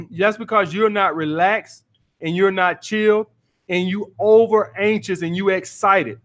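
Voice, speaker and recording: A man's voice: high-pitched, fairly even intonation, measured pace, fairly bright tone. A man hosting a call-in dating advice podcast, blunt and profane, repeating his points as he coaches a caller.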